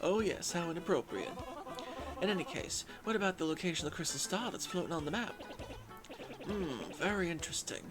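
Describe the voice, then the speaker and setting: A man voicing a fussy old male professor with a raspy, wispy voice, over game music. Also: on the high side.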